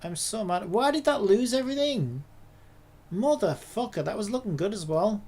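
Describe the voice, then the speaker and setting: A woman's voice: mid-range voice, big pitch swings, moderate pace, warm tone, breathy edge. A woman, a game developer, talking to herself in a casual dev log, frustrated and swearing a lot.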